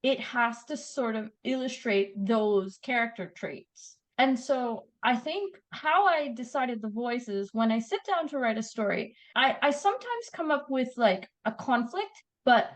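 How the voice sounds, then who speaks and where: Brief: Canadian woman, guest author, high bright voice, lively and laughing. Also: a little slow, hardly any pauses, poor audio. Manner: animated, laughing storyteller. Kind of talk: casual interview chat.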